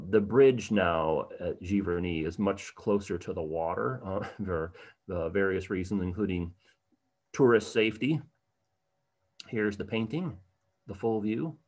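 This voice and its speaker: A man with a fairly low voice gives a livestreamed art talk. His delivery is casual and chatty, full of ums and asides. He perks up now and then to stress a point. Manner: casual, conversational, animated at times, many fillers. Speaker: tour guide presenting an online program.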